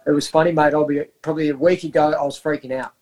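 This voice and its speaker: Earnest Australian man, higher voice. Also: fairly even intonation, quick pace, darkish tone. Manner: earnest, reflective, with many fillers. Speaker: podcast guest, wellbeing coach. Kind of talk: casual interview chat.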